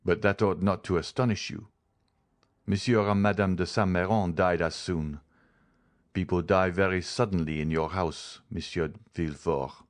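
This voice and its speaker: A man voicing a grave, stern doctor who explains in a measured, insistent way in an audiobook reading. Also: deep voice, steady tone, close to an everyday voice. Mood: calm authority. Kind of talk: audiobook character voice.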